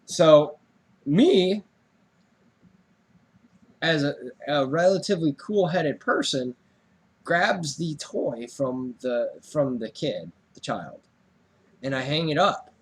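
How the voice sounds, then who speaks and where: Animated man telling a story. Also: on the high side, takes it slowly, long pauses, husky. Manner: animated storyteller, swears, voice jumps up when reenacting. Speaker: podcast co-host. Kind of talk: casual storytelling chat.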